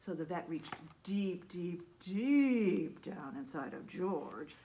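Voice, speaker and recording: A woman librarian with a Midwestern American accent leads a children's story time, reading aloud animatedly and asking the kids questions. Her voice is on the low side and slow, with slight background noise.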